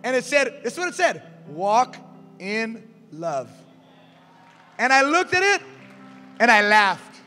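A male pastor preaching a sermon, animated and calling out to his congregation. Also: extremely high pitch, moderate pace. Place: church sanctuary. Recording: reverberant church hall, faint music.

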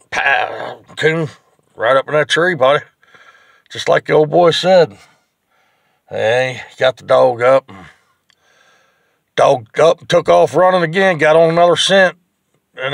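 A man's voice: fairly high pitch, vocal fry, a bit bright, no room sound, clean studio sound. A man telling a rambling, folksy, profane joke, full of fillers. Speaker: joke teller.

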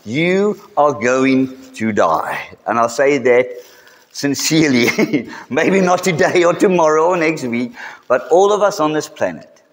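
A man with a South African English accent preaching a sermon in a church, building to emphatic, drawn-out key phrases. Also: a little high, lively intonation. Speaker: pastor. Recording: reverberant church hall.

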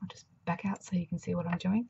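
Soft-spoken Australian woman, slightly hoarse. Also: lowish voice, steady tone, fast talker, muffled recording, background noise. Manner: soft-spoken, mumbling, thinking aloud. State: hoarse after flu. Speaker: craft demonstrator. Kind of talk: casual craft tutorial.

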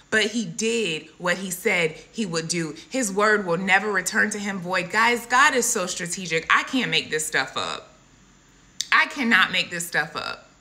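Her tone sharp and pitch medium, this Christian creator talks to "you guys" casually yet sincerely while giving a devotional testimony.

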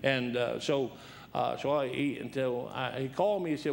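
A man's voice: mid-range voice, steady tone, moderate pace, vocal fry. A man in his seventies, a guest preacher, telling rambling, humorous personal stories during a sermon. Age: 70s. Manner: folksy, rambling, humorous storyteller. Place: church sanctuary. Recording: reverberant church hall.

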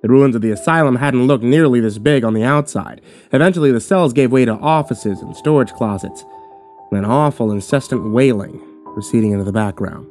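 A man narrating a horror story in the first person with steady, dramatic delivery. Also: mid-range voice, fairly quick, faint music behind. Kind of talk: scripted narration.

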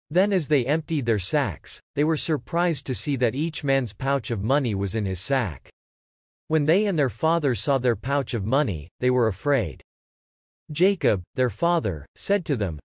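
Man reading scripture with lively intonation. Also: medium pitch, no echo, studio quality. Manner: measured, clear reading. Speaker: scripture reader. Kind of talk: scripted Bible narration.

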